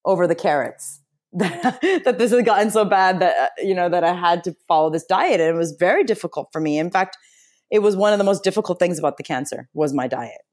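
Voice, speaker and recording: A woman telling a personal story as an interview guest, chatty and expressive, with frequent fillers and restarts. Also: lowish voice. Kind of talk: casual storytelling in a conversation.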